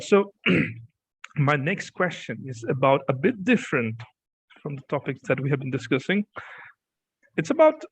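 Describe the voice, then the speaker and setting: A man's voice: fairly high pitch, breathy edge, no room sound, poor audio. A man hosting an interview, talking animatedly with frequent laughs and repeated "yeah" and "okay". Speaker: host. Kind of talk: interview, casual chat.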